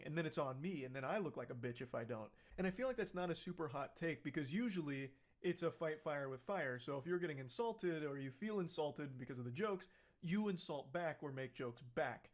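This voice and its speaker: A man's voice: fairly high pitch, lively intonation, a little fast. A man giving sarcastic, mocking reaction commentary on a video clip. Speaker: commentary YouTuber.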